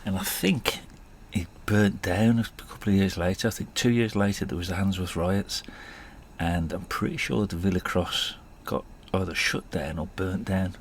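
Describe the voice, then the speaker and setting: A man spins a rambling story, chuckling at himself as he goes. His voice is very low and gravelly, with a faint hiss of noise behind it. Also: steady tone, normal speed. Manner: rambling, chuckling, self-deprecating. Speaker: podcast host. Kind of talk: casual storytelling monologue.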